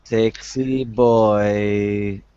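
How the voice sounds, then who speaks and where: A man putting on a leering, lisping young Swedish man with a mock Swedish accent, in slow drawn-out words. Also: sits high, pushed and bright, no echo, muffled recording, heavily acted.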